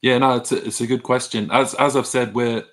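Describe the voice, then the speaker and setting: A man on a footy podcast panel, talking in a measured way with plenty of hedging fillers. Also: mid-range voice, steady tone, fairly bright tone. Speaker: guest fan panelist. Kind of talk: casual footy chat.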